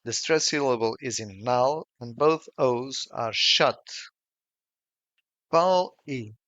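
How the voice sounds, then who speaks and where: A man narrating a scripted pronunciation lesson, slowing down to model each example sound with care. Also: medium pitch, fairly bright tone, no room sound. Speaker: language tutor. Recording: dull, lo-fi and dry voice-over.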